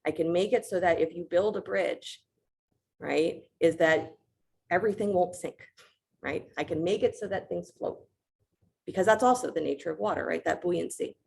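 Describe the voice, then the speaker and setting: A woman voicing a flustered male ocean god who pleads and apologizes in a high voice. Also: normal speed, creaky. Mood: explaining.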